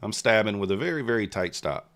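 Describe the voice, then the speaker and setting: A man's voice: on the low side, animated, quick pace, fairly bright tone. A man giving casual live commentary on his day trading, muttering at the market in frustration. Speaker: day trader streaming live.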